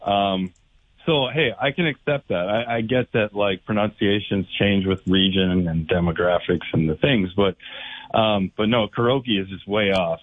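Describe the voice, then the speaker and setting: A man's voice: fairly low pitch, moderate pace, no echo. A man calling in to a radio show, blunt and opinionated, lecturing with a lot of ums. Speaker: caller. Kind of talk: call-in conversation. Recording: phone line.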